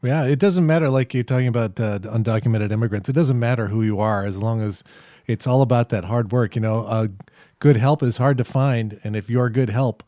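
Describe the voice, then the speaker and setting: A male podcast host with a mellow, warm voice who talks in a relaxed, reflective way. His words sit close and dry on the recording. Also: mid-range voice, brisk, dry recording. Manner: relaxed, reflective, many fillers. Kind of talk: conversational interview.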